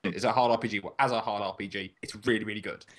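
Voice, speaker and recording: A man's voice: fairly low pitch, fairly even intonation, very fast, fairly bright tone. A man hosting a casual podcast, joking and rambling with the odd swear. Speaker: podcast host.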